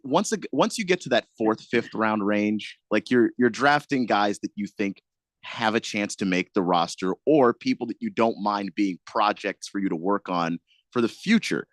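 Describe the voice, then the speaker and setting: A man co-hosting sports talk radio, laying out his reasoning in a measured, skeptical way. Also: lowish voice, lively intonation, no room sound.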